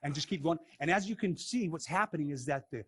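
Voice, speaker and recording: A man teaching a playful science demo for kids, goofy and excitable, joking as he goes. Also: on the high side, fast talker, husky.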